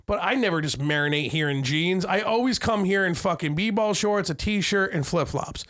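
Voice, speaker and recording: A man's voice: high voice, moderate pace, a bit bright. A young man co-hosting a casual comedy podcast, swearing a lot and telling crude jokes and stories. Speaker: podcast co-host.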